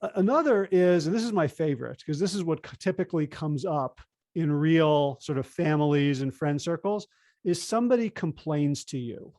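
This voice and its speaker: Author guest, male, lively conversational delivery, slightly high voice, dry close mic. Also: normal speed, no echo. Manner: animated, acts out quoted dialogue. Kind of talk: conversational interview.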